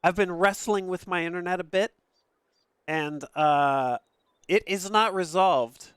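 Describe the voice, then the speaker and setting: A man streaming a hunting game from an upstairs room at home, excitable and foul-mouthed, quick to laugh. His voice is dry and close, with little room sound. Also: high voice, smooth, no echo. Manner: excitable, profane, laughs often. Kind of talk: casual gaming stream commentary.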